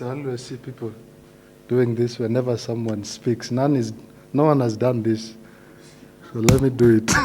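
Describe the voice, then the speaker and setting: Chatty man speaking to graduates. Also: medium pitch. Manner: chatty, animated, asks the audience questions. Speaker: coach and guest speaker. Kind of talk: informal speech to graduates.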